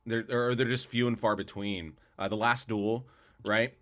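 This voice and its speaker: A podcast co-host rambles casually through movie reviews, opinionated, often restarting and repeating words. His voice is on the low side and a bit bright, with fairly even intonation at normal speed.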